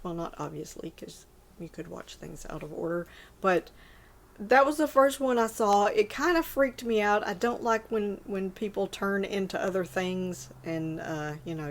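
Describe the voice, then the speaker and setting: A woman's voice: mid-range voice, a little hiss or hum. A woman in her forties casually rambling about favorite movies, full of fillers and self-corrections. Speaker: movie list vlogger.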